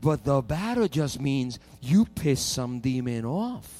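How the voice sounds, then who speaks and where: A man's voice: mid-range voice, very animated, takes it slowly, dark tone, soft background music. A male pastor preaching a sermon with playful call-and-response and strong emphasis.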